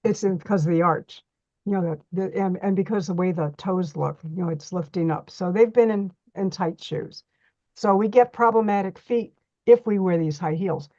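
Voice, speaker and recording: A woman's voice: fairly low pitch, normal speed, warm tone, dry recording, dull audio. A middle-aged woman teaching a hands-on reflexology workshop, chatty and folksy as she demonstrates on a model foot.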